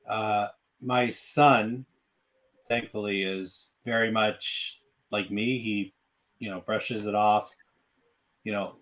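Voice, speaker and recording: A man's voice: on the low side, fairly even intonation, slow pace, long pauses, a bit bright. A middle-aged man on a podcast, chatting casually with blunt, wry remarks. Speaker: podcast co-host. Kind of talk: casual chat.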